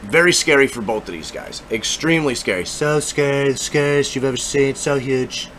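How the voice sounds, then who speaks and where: A man's voice: mid-range voice, moderate pace, fairly bright tone, a little hiss or hum, lightly acted, poor audio. A man doing a boastful older politician impression. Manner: hyperbolic, repetitive superlatives.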